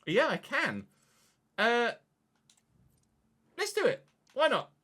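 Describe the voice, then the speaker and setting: Bright, chatty man gaming on camera. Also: extremely high pitch, slow pace. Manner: chatty, jokey, excitable over goals. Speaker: gaming YouTuber. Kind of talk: casual let's-play commentary.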